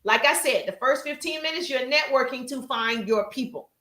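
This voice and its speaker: A woman teaching social media business strategy on a live stream, energetic and emphatic, calling out to viewers in the chat. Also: high voice, normal speed, echoey room.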